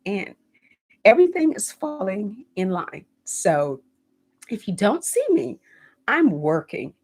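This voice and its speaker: A woman in her fifties hosts a home decor livestream, chatting casually in a mid-range, very animated, slow voice with a breathy edge. Warm and emotional, she reads viewer comments, thanks people by name and offers encouragement rooted in her faith.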